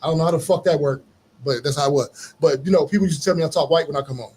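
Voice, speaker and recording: Animated Chicago man telling stories. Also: a little high, racing, a little hiss or hum. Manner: animated storyteller, laughs while telling stories. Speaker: podcast co-host. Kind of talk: casual chat.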